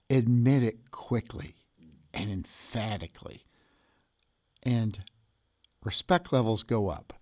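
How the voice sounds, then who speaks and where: Upbeat coaching co-host, dry sound. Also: male voice, mid-range voice, a little mellow, no echo. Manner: upbeat, summarizing principles like a coach. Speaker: podcast co-host. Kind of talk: coaching commentary.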